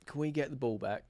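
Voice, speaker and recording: A young man hosting a live football watch-along, chatting casually with his viewers, excitable and sarcastic, shouting when his team scores. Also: mid-range voice, no echo. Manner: excitable, bursts into shouts at goals, sarcastic banter with chat. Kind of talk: live match reaction chat.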